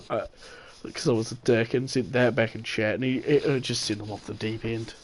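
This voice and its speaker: A man's voice: mid-range voice, fairly even intonation, moderate pace, a little hiss or hum. A man telling a gaming story in a casual, rambling way, chuckling and correcting himself as he goes. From New Zealand. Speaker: gaming channel host. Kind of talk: casual storytelling gameplay commentary.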